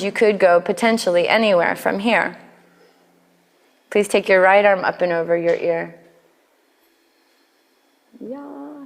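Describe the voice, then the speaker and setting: A woman teaching a live yoga class, cueing poses in a playful way with quick asides. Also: fairly low pitch, vocal fry. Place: yoga studio. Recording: long hall reverb in studio.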